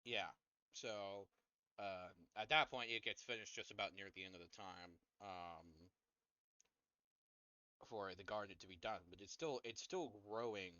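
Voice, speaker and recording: Low-ish guy gm-ing a tabletop game online, dry muffled mic. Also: unhurried, sharp tone, clear, resonant tone, no room sound. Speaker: game master. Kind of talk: running a tabletop game over voice chat.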